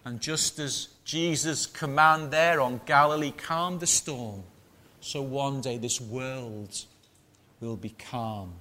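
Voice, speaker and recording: A man preaching a sermon to his small congregation in a measured, emphatic manner with rhetorical questions. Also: mid-range voice, pushed and bright, a little hiss or hum.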